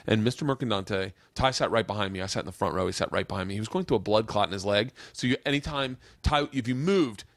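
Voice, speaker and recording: Animated man telling stories, very dry sound. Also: on the low side, fast talker, hardly any pauses, dry recording. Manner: animated, swearing, acts out quoted voices. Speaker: podcast host. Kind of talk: casual comedic storytelling.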